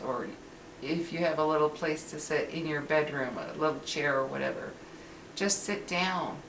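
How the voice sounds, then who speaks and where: A woman's voice: fairly low pitch, a bit bright. An older woman talking earnestly to camera from her living room, rambling with frequent restarts. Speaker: vlogger. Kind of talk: casual motivational talk to camera. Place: home living room, indoors. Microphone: built-in camera mic. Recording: roomy and distant with faint hiss.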